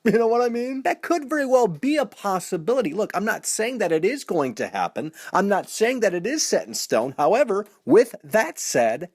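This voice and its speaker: Game-news host, male, slightly high voice, very lively delivery, close dry sound, chatty "folks" patter. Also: normal speed, hardly any pauses, husky, dry recording. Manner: animated, addresses viewers as folks; repeats "you know what I mean". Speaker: gaming news channel host. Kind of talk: casual video commentary.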